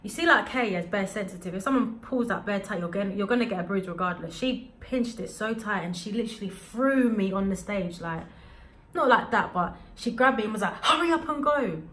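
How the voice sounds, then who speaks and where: A young adult woman telling a storytime vlog in an animated, slangy way. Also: mid-range voice, a little fast. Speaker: vlogger.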